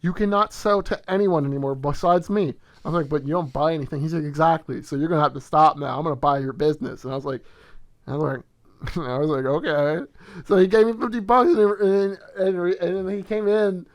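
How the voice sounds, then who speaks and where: A man's voice: fairly high pitch, brisk, no echo. A young man, a podcast host, telling casual stories full of swearing and acted-out quotes. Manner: animated, swearing, acts out quotes in storytelling. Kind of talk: casual storytelling chat.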